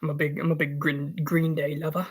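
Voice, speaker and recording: A woman's voice: deep voice, flat delivery, fairly quick, husky. A woman streamer rambling casually and swearing, now and then baby-talking to her cat.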